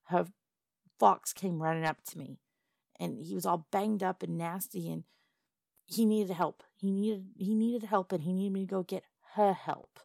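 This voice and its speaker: A woman's voice: lowish voice, fairly even intonation, a little slow, vocal fry, a little mellow, no room sound, studio quality. A woman voicing a brash, blunt female goblin in a listener role-play audio. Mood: angry. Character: gruff tough female goblin, blunt and threatening.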